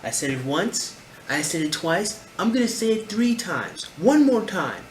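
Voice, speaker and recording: A man's voice: high-pitched, very animated, unhurried. A man giving reaction commentary in an emphatic, lecturing way, repeating his points. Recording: roomy echo, faint background noise.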